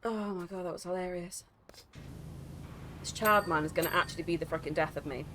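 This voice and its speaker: A woman streaming a game from home, giggling and breaking into loud outbursts, her throat sore from laughing. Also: fairly low pitch, fairly quick, very noisy. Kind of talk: casual live-stream chat.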